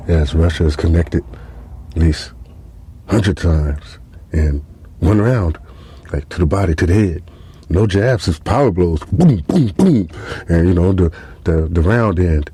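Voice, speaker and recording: A man's voice: sits low, warm tone, slightly rough. A man hosting a podcast, telling a comic story in a casual, profane, rambling way with lots of fillers. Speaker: podcast host. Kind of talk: comedic storytelling monologue.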